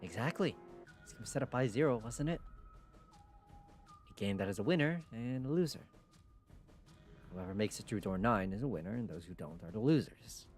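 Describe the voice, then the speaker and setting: Calm persuader from a visual novel, mid-pitched, lively, read by a man streamer. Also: moderate pace, long pauses, faint music behind, natural voice. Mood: persuasive.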